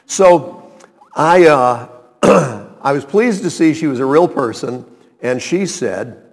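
An older man telling a personal story from a stage, his voice carrying a long reverb through the hall. He talks in a middle pitch and bursts into loud, emphatic exclamations between relaxed stretches. His asides come out wry and conversational. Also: slow, creaky, husky. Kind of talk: live personal storytelling to an audience. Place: hall with a seated audience.

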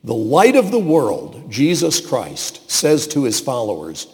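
A man preaching a sermon, swinging from loud declarations to hushed asides and acting out quotes. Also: medium pitch, wildly swooping pitch, takes it slowly. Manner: dramatic shifts from loud to hushed, acts out quotes. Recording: long hall reverb.

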